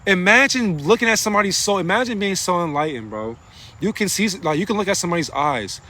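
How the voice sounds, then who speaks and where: A man's voice: high voice, expressive, fast talker, pushed and bright. A man delivering a rambling, profane spiritual monologue into his phone, preaching in a casual way. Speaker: spiritual vlogger.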